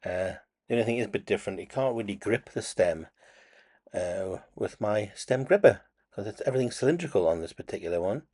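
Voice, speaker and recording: A man's voice: fairly low pitch, animated, brisk, a little mellow, husky. A man casually narrating his own watch-building hobby, chatty and self-deprecating.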